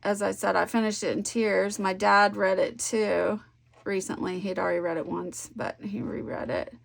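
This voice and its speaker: A woman talking casually to her viewers while she crafts, her mid-pitched voice carrying a gravelly, creaky texture. She rambles through stories in an easygoing, conversational way, slipping into soft asides to herself. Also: flat delivery, moderate pace. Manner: chatty, warm storytelling with soft asides. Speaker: scrapbooking vlogger.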